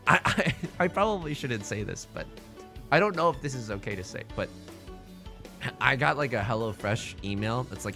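A young man casually bantering on a livestream while playing mahjong, rambling and joking, with loud high outbursts. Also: big pitch swings, brisk, faint music behind. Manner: rambling, jokey, bursts into loud high bits. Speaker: streamer playing online mahjong.

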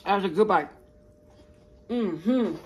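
Speaking slowly in a medium-pitched voice, this woman hosts an eating show, talking familiarly to her audience as y'all and taking bites between remarks.

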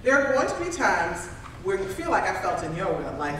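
A woman gives a humorous motivational talk, telling stories on herself with self-deprecating humor and frequent laughs. Her pitch swings widely as she tells them. She is heard from a distance in a very echoey conference room, with steady ambient noise behind her. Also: a little fast, few pauses. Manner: animated storytelling, self-deprecating, laughs often. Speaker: keynote speaker. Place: large conference room with live audience.

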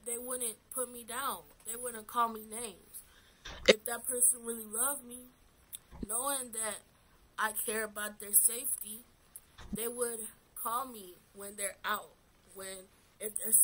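A young woman with a bright, forceful voice talks straight to the camera while she gets ready, giving frank advice drawn from her own experience. Her speech is casual and slangy, and she calls the viewer sis. A faint hum of room noise sits under her voice. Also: fairly high pitch, low-quality recording. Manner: candid, advising, speaks from personal experience. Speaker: beauty vlogger. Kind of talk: casual get-ready-with-me chat.

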